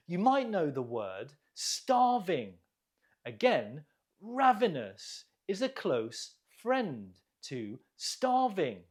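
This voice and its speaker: An English teacher giving an online vocabulary lesson, drilling words slowly and deliberately and praising the learner after each repetition. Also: mid-range voice, a little mellow.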